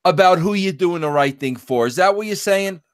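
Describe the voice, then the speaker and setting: High, animated man hosting a podcast. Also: normal speed. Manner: animated, keeps saying "bro". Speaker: podcast host. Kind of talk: casual podcast conversation.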